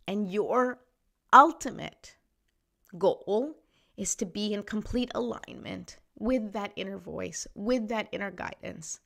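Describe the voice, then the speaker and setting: A woman's voice: medium pitch, slow, creaky. Woman hosting a pep talk, chatty, keeps saying right?, voice kinda gives out now and then. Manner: chatty, says "right?" often, warm encouraging. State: voice sometimes gives out. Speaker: host. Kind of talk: motivational casual talk to viewers.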